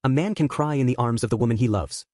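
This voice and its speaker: A man voicing a brash, proud young man with a rough, blunt way of talking, in an audiobook. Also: medium pitch, fast, darkish tone, dry recording, lightly acted. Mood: gruff. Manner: rough, blunt, clipped slang. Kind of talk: audiobook character voice.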